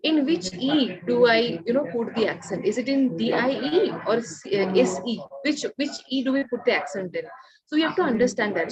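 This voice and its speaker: A woman teaching a language lesson, her voice a little high. She keeps checking on the students and pressing them to raise their hands, and the noise of a crowd is plain behind her. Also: animated, normal speed, poor audio. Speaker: Spanish teacher. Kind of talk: online class lecture. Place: classroom or online class session.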